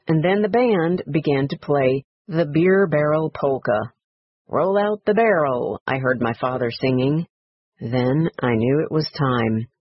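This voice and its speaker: A man reading a story aloud in a quiet, reflective, measured way, in a dry, slightly dull recording. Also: a little high, slightly rough, no echo. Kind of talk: read-aloud story narration.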